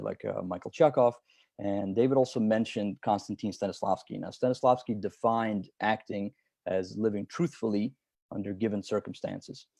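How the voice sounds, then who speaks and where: Acting teacher guy on a video call, earnest, low voice, dry sound. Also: gravelly, mellow, no echo. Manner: earnest, explanatory, with fillers. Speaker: acting teacher and department chair. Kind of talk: webinar presentation.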